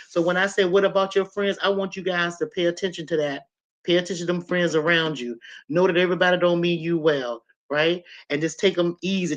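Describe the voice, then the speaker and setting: A woman hosting a livestream, chatting casually with viewers and telling animated, colloquial stories. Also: lowish voice, dull audio. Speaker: livestream host. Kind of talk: casual chat and storytelling to viewers.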